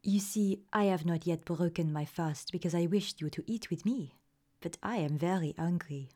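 A man voicing a soft-spoken, gentle young noblewoman in a storybook reading, with a quiet, hushed voice. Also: high voice, normal speed, voice pushed up, lightly acted.

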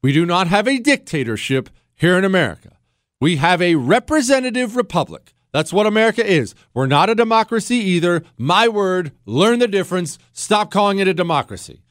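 Heated, lively middle-aged man ranting. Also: high-pitched, brisk, no echo, studio quality. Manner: heated, indignant, rhetorical questions. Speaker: podcast host. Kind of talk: political commentary monologue.

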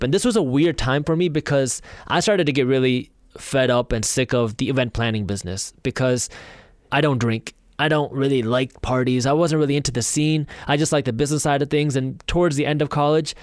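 A young man appears as a podcast guest, telling stories in a casual interview and animatedly acting out his own past thoughts and the voices he quotes. He speaks fairly quickly in a medium pitch, recorded dry at studio quality.

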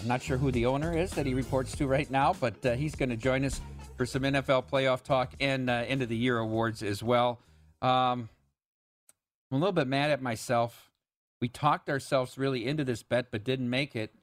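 A man hosting a sports betting show, talking in a relaxed, conversational way with occasional stammers. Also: medium pitch, normal speed, faint music behind. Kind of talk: casual sports betting chat.

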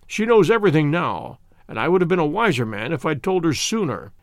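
A man's voice: a little high, sing-song, fairly quick, no echo, clean studio sound. A man reading an older American fugitive who speaks with a blunt, folksy, earnest manner and an American accent. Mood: frank.

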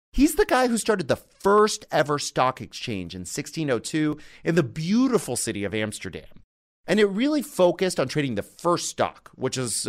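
Lively, playful male podcast host. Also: medium pitch. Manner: conversational, playful asides. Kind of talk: scripted podcast opening monologue.

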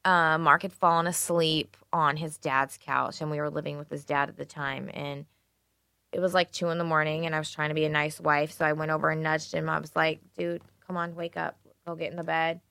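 A woman co-host telling animated, profanity-laced stories in a casual chat. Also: deep voice, fairly quick, vocal fry, clean tone, dry recording, studio quality.

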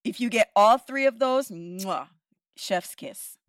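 A woman, a podcast host giving animated, opinionated views in casual discussion, often ending points with "right?". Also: a little high, unhurried, dry recording, studio quality.

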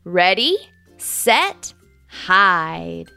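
A woman's voice: on the low side, sing-song, very slow, creaky, sharp tone, clear, resonant tone, dry recording, soft background music, heavily acted. A woman voicing a friendly, playful male fox in a bedtime story, eager and encouraging.

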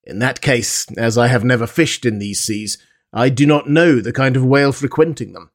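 Harpooner, hot-tempered, eager, exclaiming, raised and slow, man reading aloud. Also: mid-range voice, close to an everyday voice. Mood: earnest. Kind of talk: audiobook character reading.

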